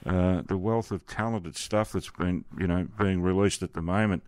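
Older host, rambling and chatty. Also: male voice, deep voice, fairly even intonation, normal speed, darkish tone, clean tone, dry recording. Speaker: radio host. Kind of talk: radio interview.

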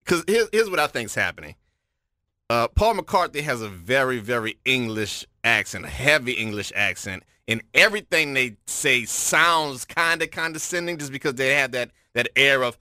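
A man's voice: medium pitch, animated, normal speed, sharp tone, no echo, studio quality. A man co-hosting a morning radio show, giving his opinions with stammering restarts. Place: radio studio. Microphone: studio microphone.

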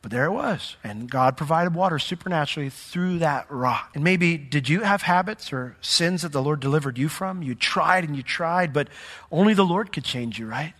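A man preaching a sermon as pastor, in a conversational way with joking asides and sudden jumps in pitch. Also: lively intonation, normal speed, a bit bright. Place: church sanctuary. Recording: long hall reverb.

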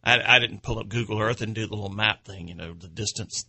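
Bright-voiced folksy man rambling on air. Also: lowish voice, fast, creaky, husky. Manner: rambling, folksy, chuckles at his own stories. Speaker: outdoors radio show host. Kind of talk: casual radio chat.

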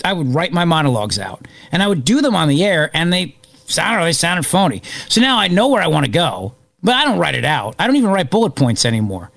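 A man's voice: fairly high pitch, vocal fry, a bit bright, dry recording. A middle-aged man hosting a talk radio show, speaking off the cuff in a rambling way with restarts and asides, on a studio microphone. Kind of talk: unscripted political talk radio monologue.

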